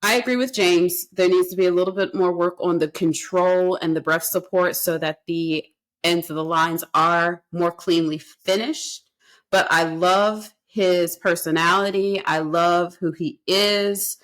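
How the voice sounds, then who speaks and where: A woman's voice: on the low side, steady tone, a little slow. Woman, podcast co-host, casual chat, emphatic, repeats herself. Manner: talks in emphatic, repeated statements.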